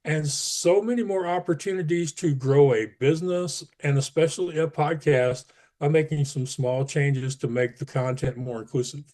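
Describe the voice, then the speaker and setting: A man's voice: fairly high pitch, moderate pace, warm tone. A man speaking as a podcast guest, earnest and emphatic, pushing up his voice on key advice. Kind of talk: casual interview talk.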